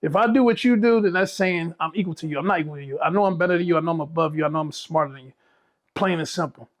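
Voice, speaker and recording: A man's voice: a little high, racing. A man, a business owner telling blunt, profane stories in a casual podcast chat.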